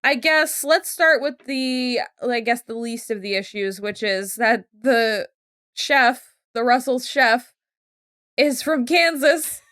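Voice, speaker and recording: A woman's voice: on the high side, slow, a bit bright, no room sound, clean studio sound. A young adult woman co-hosting a show recap, chatting casually and retelling scenes with quoted voices. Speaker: podcast co-host.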